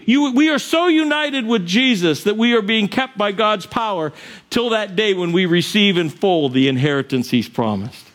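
Middle-aged pastor, slightly higher voice, earnest sermon delivery with soft chuckles. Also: male voice, lively intonation, normal speed. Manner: earnest, rises in pitch for emphasis, chuckles between points. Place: church sanctuary.

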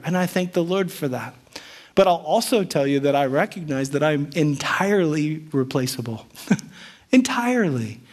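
Earnest higher-voiced man preaching. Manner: earnest, conversational preaching with frequent restarts. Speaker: pastor. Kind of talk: sermon.

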